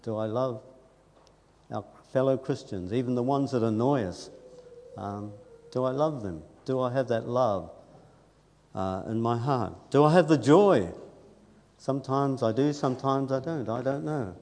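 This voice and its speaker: An earnest man preaching in a church. His delivery is conversational, with quiet asides and emphatic rises. His voice rings with a long reverb from the hall. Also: medium pitch, unhurried, long pauses. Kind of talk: sermon.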